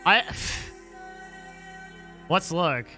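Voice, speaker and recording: A man's voice: sits high, animated, very slow, pushed and bright, faint music behind. A man chatting casually on a live stream, blunt and profane, rambling with lots of "like" and restarts. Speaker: livestreamer answering chat.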